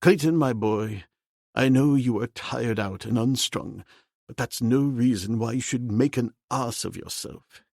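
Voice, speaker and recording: A man playing a tired, courteous English gentleman who speaks in a low, subdued and rueful way. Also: unhurried, creaky, no room sound, studio quality.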